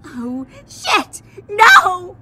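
A woman's voice: a little high, slow, slightly rough. A woman voicing a tough young mare who swears freely and talks back with defiance. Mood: yelling.

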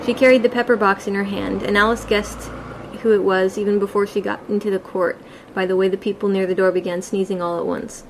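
A woman's voice: mid-range voice, little pitch movement, slight background noise, rough recording. Woman reading a storybook aloud. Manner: plain, unhurried reading with small slips. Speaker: audiobook reader. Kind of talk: reading a classic children's novel aloud.

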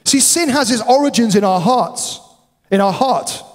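A man preaching a sermon, stressing his points by repeating words, sometimes dropping to a hushed, solemn tone. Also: extremely high pitch, animated, moderate pace. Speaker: pastor. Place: church hall. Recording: long hall reverb.

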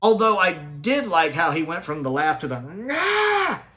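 A man giving a casual spoken review of a TV episode, opinionated and thinking aloud, often restarting and jumping up in pitch to stress a point. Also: animated, fairly quick, sharp tone.

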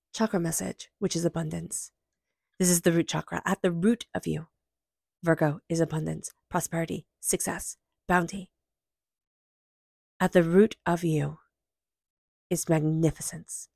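A woman's voice: lowish voice, gravelly, warm tone, dry recording, studio quality. A woman giving an intuitive tarot reading, earnest and emphatic, with soothing repeated affirmations. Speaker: tarot reader.

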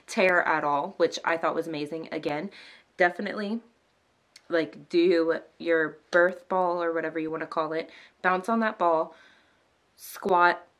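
Teary young woman vlogging casually. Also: on the low side. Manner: emotional, near tears, many "like" and "um" fillers. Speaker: vlogger, new mother. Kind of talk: casual chat to camera.

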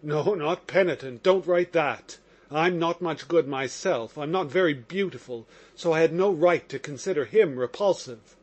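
A man's voice: on the high side, normal speed, lightly acted. A man voicing an impassioned young man accused of murder, in audiobook narration. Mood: agitated. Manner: impassioned, exclamatory.

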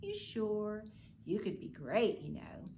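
A woman voicing a wise old talking hat in a storybook reading, soft and pondering. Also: medium pitch, wildly swooping pitch, takes it slowly, noisy background, exaggerated voice. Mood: musing.

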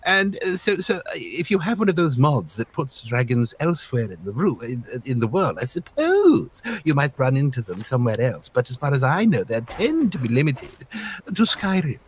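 A man chatting on a live stream, his pitch swinging widely as he jokes and laughs through his answers. He talks in a loose, animated way, breaking off into asides. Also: moderate pace, slight background noise. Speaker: voice actor on a modding team stream. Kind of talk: casual stream chat.

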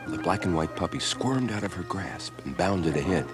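A man with an extremely deep voice reads a children's storybook aloud. His delivery is expressive and unhurried, with a lively rise and fall. Music plays softly under the reading. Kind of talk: read-aloud storybook narration. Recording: background music.

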